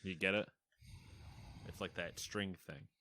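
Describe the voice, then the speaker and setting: A man's voice: sits low, fairly even intonation, a little slow, bright, forceful tone, dry recording. A man co-hosting a casual gaming podcast, joking and laughing as he runs through a list of news. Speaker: podcast co-host. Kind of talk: casual chat.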